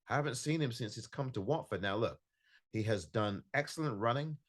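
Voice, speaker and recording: A man with a medium-pitched, expressive voice speaks at a normal speed, hosting a solo football podcast from his home in California. He reviews a match in an emphatic, frustrated way, repeating himself to drive his points home.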